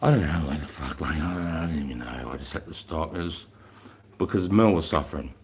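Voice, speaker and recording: A man's voice: a bass voice, a little fast. A middle-aged man with an Australian accent, telling rambling stories in a frank, heavy-swearing casual chat on a live stream. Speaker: military veteran hosting a live stream.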